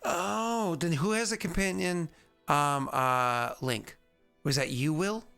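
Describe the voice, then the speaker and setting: Bright-voiced rambling game master, a man. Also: fairly high pitch, slow, vocal fry, clean tone, faint music behind. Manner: chatty, rambling, with many fillers. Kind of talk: narrating a tabletop game.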